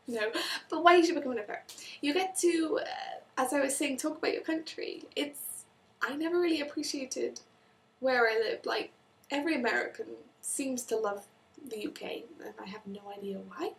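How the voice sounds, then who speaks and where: Young welsh woman vlogging, chatty, kinda high voice, a bit off-mic. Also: normal speed, a bit bright, recorded from a distance. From Wales. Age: young adult. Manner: chatty, talks in quoted asides, many restarts. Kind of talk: casual vlog monologue.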